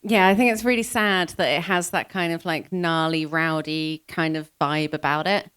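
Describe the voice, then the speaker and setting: A woman's voice: low-pitched, fairly even intonation, moderate pace, fairly bright tone, smooth. A woman answering questions on a live panel, enthusiastic and playful, acting out little voices. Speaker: panel guest, mountain biker.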